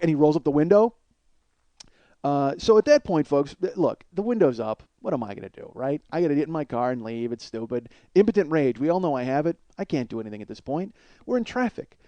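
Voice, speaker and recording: A man in his forties, a comedian host, telling a long story in a blunt, profane, animated way. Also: a little high, brisk, dry recording. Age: 40s.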